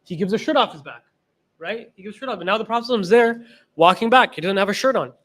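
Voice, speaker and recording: A man's voice: sits high, animated, quick pace, a bit bright. A man giving a class lecture as a religious teacher, emphatic and repeating key phrases, retelling stories with quoted dialogue.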